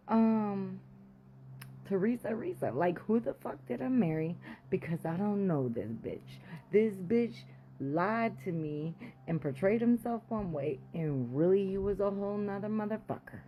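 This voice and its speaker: A woman with a fairly low voice speaks slowly in a rough recording with slight background noise. She tells a casual storytime monologue, blunt, profane and candid, and she's animated but sometimes drops suddenly into a whisper.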